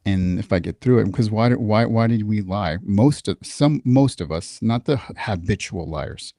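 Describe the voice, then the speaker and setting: A man's voice: on the low side, moderate pace, no room sound, clean studio sound. A middle-aged man from Texas, a guest in a casual interview, telling stories candidly with profanity and many restarts. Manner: profane, candid, animated storyteller with frequent restarts. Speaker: podcast guest, military veteran.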